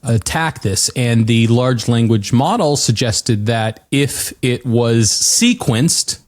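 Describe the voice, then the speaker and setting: An American man with a mid-range voice, co-hosting a casual podcast. He retells a story in a loose, halting way, restarting his sentences as he goes. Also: mid-range voice. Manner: hesitant storytelling with many fillers and restarts. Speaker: podcast co-host. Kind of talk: casual chat.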